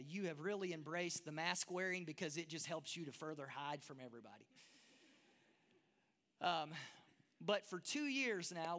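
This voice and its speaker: A man's voice: a little high, fairly bright tone, smooth. A man with a Texan accent, preaching a conversational, self-deprecating sermon to a church congregation, often restarting words. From Texas. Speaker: pastor. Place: large church hall. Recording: long hall reverb.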